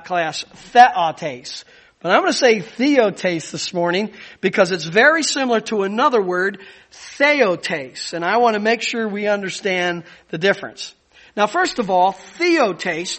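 A man's voice: sits high, fairly bright tone. A man preaching a sermon, earnest and emphatic, teaching with asides to the congregation. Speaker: pastor.

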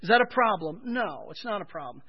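A man's voice: lively intonation, fairly quick, husky. A male pastor preaching a sermon, emphatic, often raising his voice to drive points home. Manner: emphatic, rising in pitch and volume for stress. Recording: dull lo-fi sermon recording.

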